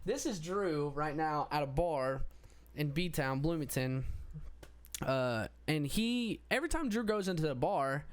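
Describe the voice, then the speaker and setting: A man's voice: a little high, animated, unhurried. A young man hosting a podcast, chatting casually in a rambling way with frequent restarts and swearing. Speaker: podcast host. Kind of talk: casual chat.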